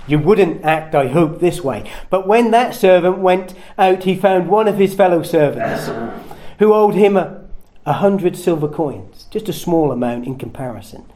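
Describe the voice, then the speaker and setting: Earnest male preacher with a mellow voice. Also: animated, a little slow. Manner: earnest, rises in pitch and volume at emphatic points. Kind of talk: sermon.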